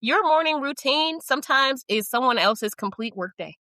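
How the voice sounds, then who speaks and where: Bright, candid middle-aged woman host. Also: high-pitched, expressive, normal speed, dry recording. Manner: candid, self-deprecating, chatty with frequent likes and you-knows. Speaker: podcast host. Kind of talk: casual podcast chat.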